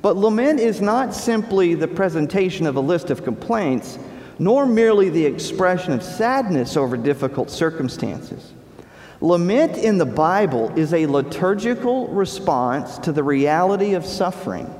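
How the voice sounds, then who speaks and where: A man's voice: high voice, big pitch swings, darkish tone. Preaching man in a reverberant hall. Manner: preaching with dramatic pauses and rising emphasis. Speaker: pastor. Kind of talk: sermon. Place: church sanctuary. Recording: long reverb of a large hall.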